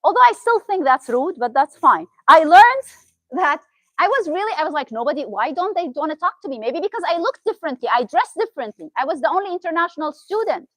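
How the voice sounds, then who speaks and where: High-voiced woman with a Syrian Arabic accent. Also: big pitch swings, fairly quick, fairly bright tone, no room sound, low-quality recording. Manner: chatty, asks the audience questions. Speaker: therapist giving a talk. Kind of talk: interactive motivational talk.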